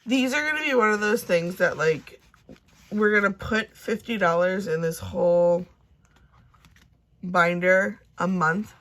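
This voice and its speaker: A young woman chatting casually as she counts and sorts cash, talking to herself now and then and dropping into soft whispers. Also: mid-range voice, unhurried. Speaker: budgeting vlogger.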